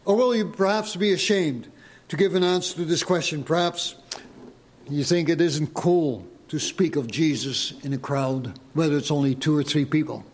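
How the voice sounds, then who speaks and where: A man preaching a sermon to his congregation, slow and deliberate, pressing his listeners with emphatic questions. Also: on the high side. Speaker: pastor.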